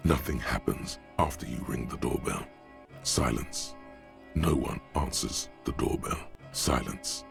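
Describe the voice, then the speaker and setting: An actor voicing a brooding, ominous narrator in a video game, speaking in a slow, solemn, descriptive way with a deep, gravelly voice. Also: male voice, heavily acted. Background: faint game music.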